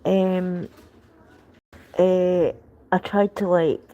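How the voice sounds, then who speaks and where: A woman's voice: lowish voice, flat delivery, drawn-out words, warm tone, lo-fi sound. A Scottish woman livestreaming while she walks about the street and shops, chatting in a rambling, meandering way. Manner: rambling, chatty, trails off mid-sentence. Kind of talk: casual live stream chat. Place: outdoors on the street and in shops, walking. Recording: street noise with passing traffic.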